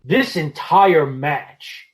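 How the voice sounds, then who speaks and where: A man guesting on a podcast, chatting about wrestling in a relaxed way with lots of fillers. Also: fairly high pitch, extremely slow, rough recording. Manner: relaxed, heavy on "you know" fillers. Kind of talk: casual wrestling podcast chat.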